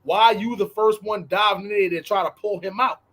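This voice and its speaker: A man co-hosting a podcast, telling stories in loose, profane casual chat and breaking into shouted impressions. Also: sits high, brisk. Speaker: podcast co-host.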